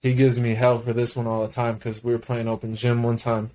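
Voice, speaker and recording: A man's voice: medium pitch, completely flat delivery, brisk, a little mellow, slight background noise. A man co-hosting a podcast, chatting casually about sports in a loose, rambling way with lots of fillers. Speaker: podcast co-host.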